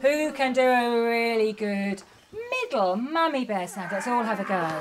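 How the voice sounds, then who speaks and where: High-voiced lady teacher leading kids in a singing game, unhurried, lots of classroom noise. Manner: lively, coaxing children. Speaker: primary school teacher.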